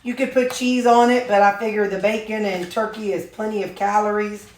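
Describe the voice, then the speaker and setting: A woman's voice: medium pitch, steady tone, fairly quick, a little mellow, roomy sound. A woman chatting casually while she makes supper, rambling through a story with lots of ums. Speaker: vlogger showing her meals.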